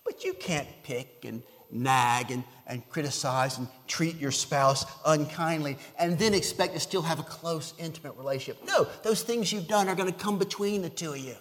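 A man's voice: fairly high pitch, normal speed, few pauses, a bit bright, big-room sound. A man preaching a sermon as pastor, earnest and emphatic, often repeating words as he restarts.

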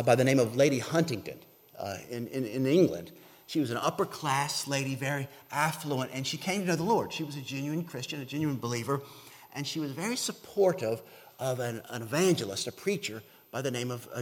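Earnest man preaching, bit high voiced, keeps repeating himself, big echoey church. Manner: earnest, emphatic, repeats words as he restarts. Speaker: pastor. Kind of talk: sermon.

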